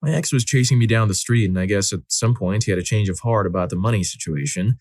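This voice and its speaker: Low-voiced man narrating stories, dry sound. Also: quick pace, darkish tone, no room sound. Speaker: story narrator. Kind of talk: scripted narration of reader stories.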